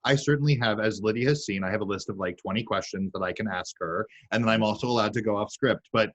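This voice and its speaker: Male host, low voice, quick talker with restarts, muffled call audio. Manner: quick, with many restarts and fillers. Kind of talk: moderating a virtual conversation. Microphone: video call.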